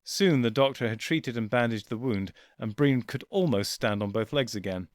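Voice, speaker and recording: A man narrating a science fiction audiobook in a measured, quiet storytelling voice. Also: medium pitch, no room sound, studio quality. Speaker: audiobook reader. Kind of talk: scripted narration.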